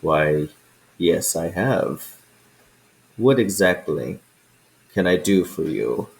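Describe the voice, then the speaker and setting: In this tabletop game, an ancient male dragon speaks in a very low, unhurried voice, as a man puts him on. He is grave and disdainful toward the small folk before him. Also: sing-song, gravelly, heavily acted. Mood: sly.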